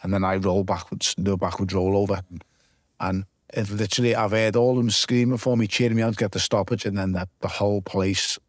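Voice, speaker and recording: A man's voice: lowish voice, fairly even intonation, a little fast, dry recording, clean studio sound. A man with a Liverpool accent, a former boxer giving a casual interview and recounting his fights blow by blow, swearing freely. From Liverpool, England.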